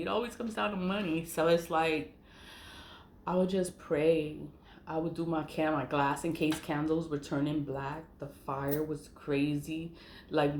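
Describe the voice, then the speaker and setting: Low-voiced woman telling her story in a roomy space. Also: darkish tone, slight background noise. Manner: blunt and profane, laughs often mid-sentence; emphatic repetition of key phrases. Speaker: vlogger telling a personal story. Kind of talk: casual first-person storytelling.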